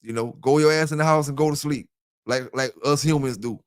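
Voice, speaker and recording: A man, talking loosely and at length to his livestream audience. His voice sits in an ordinary middle pitch. The sound is close and dry, picked up by a headset mic. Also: fairly quick, clean tone, dry recording. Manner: loose, rambling, talks straight to listeners. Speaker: dog kennel channel host. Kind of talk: casual livestream chat. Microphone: headset with earphones.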